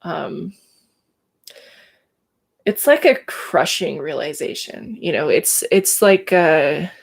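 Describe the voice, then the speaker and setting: A woman in her thirties hosts a casual livestream, telling her own story candidly and emotionally and laughing between thoughts. Her voice is low-pitched, gravelly and husky, and though she speaks slowly, her delivery is animated.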